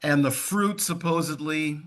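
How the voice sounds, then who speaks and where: A male podcast co-host keeps the chat laid-back and casual, telling stories and often calling others "man." His voice is a little high, a little slow, and a bit bright.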